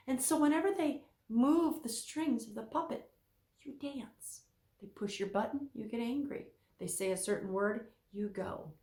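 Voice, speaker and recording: An emphatic woman therapist talks straight to her audience. Her pitch rises and falls a great deal as she drives her points home and repeats them for weight. The sound has a noticeable room echo. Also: animated, unhurried, darkish tone. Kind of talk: direct-to-camera talk.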